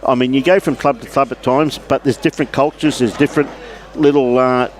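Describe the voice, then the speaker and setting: A man with an Australian accent commentates on lawn bowls at an outdoor club green. His voice sits at an ordinary middle pitch, and he talks in a chatty, matey way, calling out greetings to viewers between shots. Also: steady tone, fairly quick. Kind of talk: live sports commentary.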